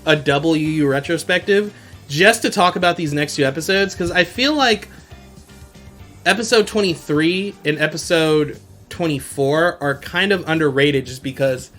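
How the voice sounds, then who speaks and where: A man's voice: a little high, fairly bright tone. A man hosting a casual solo podcast, recapping an anime in a slangy way and laughing often as he retells scenes. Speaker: podcast host.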